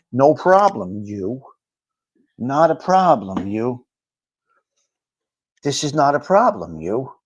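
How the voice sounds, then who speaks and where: A man with a New York accent hosting a live talk show, rambling and repeating himself with some swearing. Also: mid-range voice. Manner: rambling and repetitive, profane. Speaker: host.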